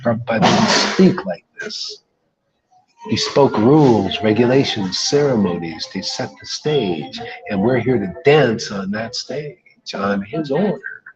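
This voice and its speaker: A man preaching in a loose, street-talk way, pressing each point hard and tossing in "man" between lines. The sound is dull and lo-fi, with clear music running underneath. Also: mid-range voice, very animated, a little slow. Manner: emphatic, colloquial, keeps saying "man". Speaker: spiritual teacher. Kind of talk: informal devotional talk.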